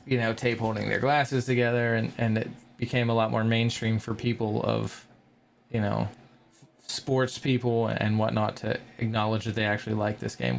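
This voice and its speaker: A man's voice: medium pitch, gravelly, slight background noise. A man hosting a casual chat about his tabletop game group, rambling and restarting often.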